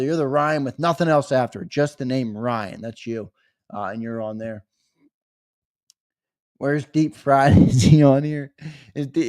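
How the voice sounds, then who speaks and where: A young man hosting a casual live stream, chatting with viewers and reading names off a list in a lively, teasing way. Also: on the high side, clear, resonant tone, no echo, studio quality. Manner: lively, teasing, talks straight to chat with "brother". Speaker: host of a sports live stream.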